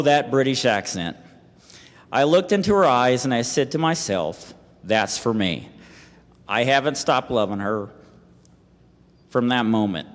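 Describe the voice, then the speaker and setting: A man giving a eulogy at a memorial service, halting and emotional, with restarts and soft laughter. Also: medium pitch. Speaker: family member giving a eulogy. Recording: reverberant hall.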